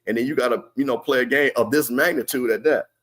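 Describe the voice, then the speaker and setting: A man's voice: medium pitch, fast, fairly bright tone. Chatty man hosting a game watch stream. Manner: chatty, reads viewer comments, loose slangy talk. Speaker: watch party stream host. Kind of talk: live sports commentary chat.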